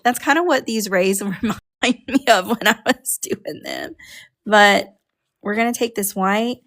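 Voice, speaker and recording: Woman, art teacher, casual live-stream chat, middle pitch. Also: animated, a little slow, fairly bright tone. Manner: chatty, talks to viewers while working. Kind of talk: casual live coloring class.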